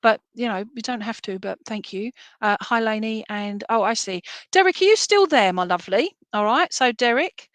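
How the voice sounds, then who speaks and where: A woman's voice: on the high side, animated, moderate pace, no echo. A woman giving chatty, reassuring psychic readings on a live stream, full of fillers. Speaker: psychic reader.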